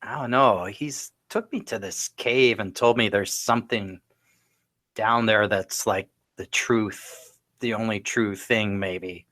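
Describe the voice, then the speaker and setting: A man with a fairly low voice playing a tabletop role-play. He recounts his character's story plainly, with hesitations. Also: takes it slowly, pushed and bright. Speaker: player.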